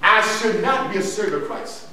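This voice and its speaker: A high, animated male pastor, preaching call-and-response style in a church. He repeats his lines for emphasis. The sound is echoey and picked up from far off, with some noise behind. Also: moderate pace. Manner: emphatic, repeats phrases, laughs between points. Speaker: pastor leading a Bible lesson. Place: church sanctuary.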